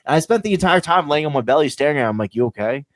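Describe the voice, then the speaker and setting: A man hosting a casual podcast chat, telling lively stories and swearing casually. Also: a little high, rapid-fire, dry recording. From Vermont, US. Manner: animated storyteller who acts out pets' voices. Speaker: podcast host.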